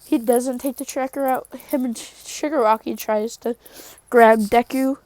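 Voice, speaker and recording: A woman's voice: fairly high pitch, fairly even intonation, normal speed, a little mellow, dry recording. A woman casually retelling a fan story in a rambling way, often correcting herself.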